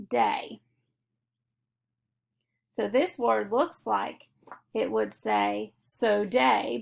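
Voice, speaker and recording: Woman, phonics teacher, gravelly fry, slightly high voice, slow and methodical. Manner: slow, deliberate, methodical explanation. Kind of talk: step-by-step phonics lesson.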